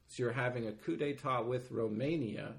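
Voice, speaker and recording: A man's voice: medium pitch, moderate pace, gravelly. A man hosting a casual podcast, talking loosely and rambling, with plenty of swearing. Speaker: podcast host.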